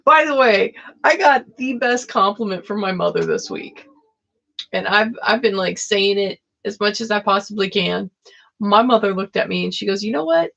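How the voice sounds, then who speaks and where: A woman doing a casual live-streamed tarot reading, playful and quick to laugh between cards. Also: mid-range voice, vocal fry, fairly bright tone, dull audio. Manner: giggly, playful, often breaks into laughter.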